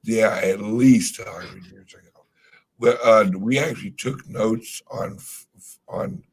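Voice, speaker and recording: A man's voice: on the low side, a little slow, breathy edge. A man in casual chat, rambling through stories, trailing off and swearing casually. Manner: laid-back storytelling. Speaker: podcast co-host.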